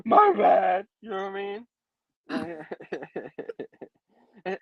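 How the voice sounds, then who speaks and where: A man's voice: high voice, expressive, takes it slowly, creaky, long pauses, dry recording, highs cut off. A man hosting a casual comic book review show, laughing often and saying "you know what I mean" again and again. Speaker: host.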